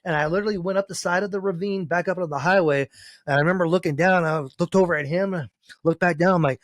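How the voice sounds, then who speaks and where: A man, a former pro wrestler, telling road stories in a casual podcast chat, cursing freely and rambling, climbing loud and high as he gets worked up. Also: fast, no echo. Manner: profane, rambling storyteller, gets loud and high when excited.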